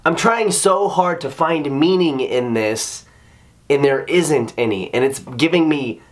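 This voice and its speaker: A man's voice: on the high side, lively intonation, unhurried. Sarcastic, foul-mouthed man ranting. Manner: sarcastic, exasperated, swears a lot. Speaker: reaction video host. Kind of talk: ranting reaction commentary.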